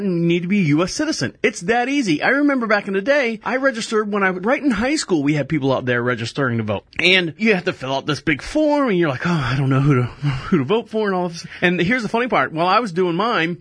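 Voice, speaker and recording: A man hosts a radio show in an easygoing, rambling way. His voice sits high for a man and sounds dry and close to the mic. He drifts into chatty asides and laughs along the way. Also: fairly bright tone, no room sound. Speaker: radio host. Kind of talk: casual talk radio.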